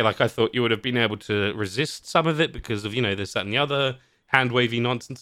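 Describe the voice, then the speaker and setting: Swearing, animated podcast host man. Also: mid-range voice, quick pace, dry recording, studio quality. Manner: animated, laughs often, swears casually. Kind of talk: casual chat.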